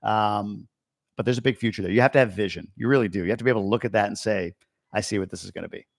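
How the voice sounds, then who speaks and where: A man's voice: fairly low pitch, racing, vocal fry, no echo, studio quality. An American man from Long Island hosting a casual live-stream, reading out viewer comments and answering them in a blunt, opinionated way. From Long Island, New York, USA. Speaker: host answering viewer questions.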